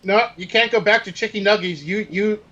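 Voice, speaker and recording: A man's voice: sits high, a little fast, lo-fi sound, crowd noise. A man co-hosting a live stream podcast, laid-back, plugging a sponsor loosely. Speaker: podcast co-host. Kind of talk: casual chat.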